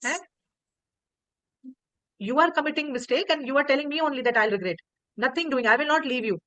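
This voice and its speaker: A woman's voice: sits high, fairly quick, bright, forceful tone, no room sound, dull audio. A woman with an Indian accent voicing a stern, scolding elderly milkmaid in a devotional story.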